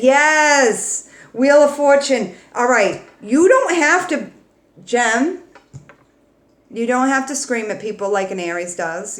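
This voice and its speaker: A woman giving a casual tarot reading to camera, blunt and swearing freely but warm and emotional toward her viewers. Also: fairly high pitch, roomy sound. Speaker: tarot reader.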